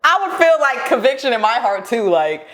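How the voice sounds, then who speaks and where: A woman's voice: a little high, very animated, normal speed, fairly bright tone. A woman co-hosting a casual reaction chat, reasoning aloud and cutting in with her points. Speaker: co-host.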